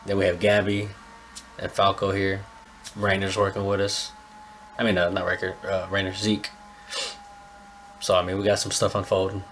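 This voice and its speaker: A man's voice: low voice, monotone, normal speed, pauses often, fairly bright tone, a little hiss or hum. A young man hosting a casual anime reaction, chatting in laid-back slang with a slightly stuffy nose. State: a little stuffy-nosed. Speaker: anime reaction channel host.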